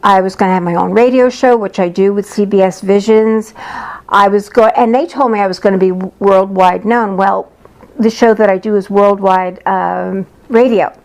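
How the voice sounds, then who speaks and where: A woman's voice: medium pitch, steady tone, normal speed, darkish tone. A woman psychic telling stories about her work in a lighthearted, blunt manner, acting out the voices of the people she quotes. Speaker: psychic medium. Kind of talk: casual storytelling monologue.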